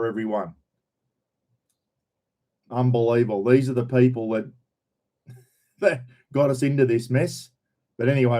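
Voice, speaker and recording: An older Australian man chatting casually on a live stream. His voice sits at an ordinary middle pitch. He greets viewers one by one and speaks bluntly, with plenty of swearing. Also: darkish tone.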